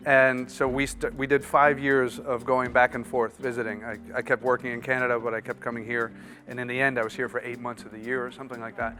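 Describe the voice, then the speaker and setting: Man, actor guest, casual chat, relaxed, self-deprecating, stammering restarts, faint music behind. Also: mid-range voice.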